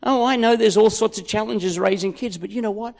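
A man's voice: high voice, brisk, creaky. A man with an Australian accent preaching a rousing, jokey sermon as a pastor, recorded in a large hall. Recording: echoey hall.

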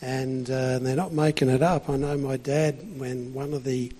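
Man, preacher, rambling conversational sermon, husky, long hall echo. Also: mid-range voice, fairly even intonation, measured pace, mellow. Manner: rambling, conversational, frequent fillers and restarts.

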